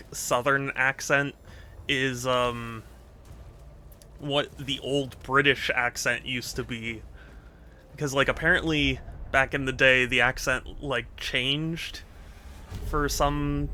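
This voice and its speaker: A man's voice: mid-range voice, slow pace, pushed and bright, a little hiss or hum. A man streaming a video game, chatting casually with his viewers, laughing often and restarting sentences as he goes. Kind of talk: casual live-stream chat while gaming.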